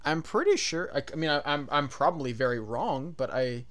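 Blunt, weary man with a smooth voice. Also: a little high, animated, brisk, fairly bright tone. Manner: blunt, weary, swears casually. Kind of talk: casual chat.

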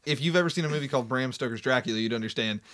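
A man's voice: medium pitch, very fast, fairly bright tone. A man co-hosting a podcast in casual chat, rambling and jokey with frequent laughs. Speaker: podcast co-host.

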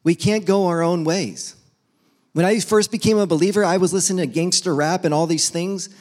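A man's voice: sits high, a little fast, a little mellow. A young adult man preaching a casual, humorous sermon as pastor, acting out little back-and-forth dialogues between people and God.

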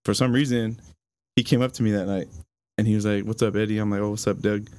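Young man telling a story, halting. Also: on the low side, fairly even intonation, darkish tone. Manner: halting, many fillers, swears. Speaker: podcast guest. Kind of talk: casual storytelling chat.

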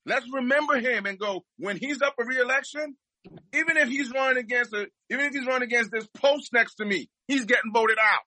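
A man's voice: extremely high pitch, a little fast, bright, forceful tone, dry recording, low-quality recording. A man speaking as a guest, giving impassioned political commentary and repeating his points for emphasis.

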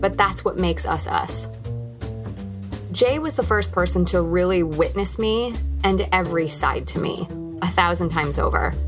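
A woman in her thirties, hosting a podcast, telling a candid, reflective personal story. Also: fairly low pitch. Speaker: podcast host.

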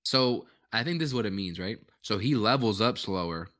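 A man co-hosts a casual podcast chat, laid-back and tired to the point of yawning, using gamer slang and swearing casually. His voice is fairly low and fairly bright, animated, at normal speed.

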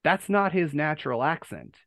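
A man's voice: fairly high pitch, big pitch swings, normal speed, fairly bright tone, no echo. A man from the United States hosting a casual fan podcast, rambling and correcting himself with lots of fillers. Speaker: podcast host.

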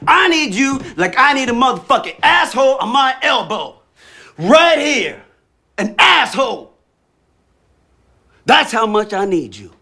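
A man's voice: extremely high pitch, big pitch swings, a little slow, creaky, pauses often, sharp tone, heavily acted. An actor playing an unhinged, menacing male drug dealer, taunting and profane, in a film clip.

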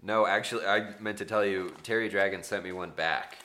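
A man's voice: deep voice, steady tone, fairly quick, bright, forceful tone. A man co-hosting a podcast in casual chat, laid-back and teasing. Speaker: podcast co-host.

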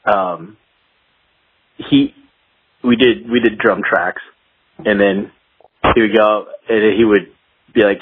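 A man's voice: on the low side, steady tone, takes it slowly, long pauses, slightly rough, no echo. A man being interviewed as a guest guitarist, telling rambling studio stories in a casual way and laughing as he goes. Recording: tinny phone-like line, dry.

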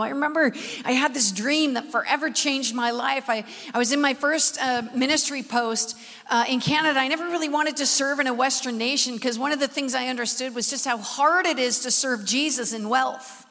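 Woman preacher, live sermon; lively storyteller, high and bright, big reverberant hall. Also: brisk, creaky. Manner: animated, acts out dialogue, asks audience questions. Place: large concert hall, live audience.

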